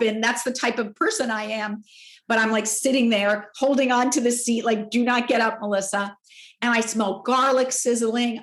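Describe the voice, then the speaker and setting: A noticeable room echo surrounds a candid woman in her forties as she recounts a personal story on a podcast. She speaks in a somewhat high voice, expressive and heartfelt.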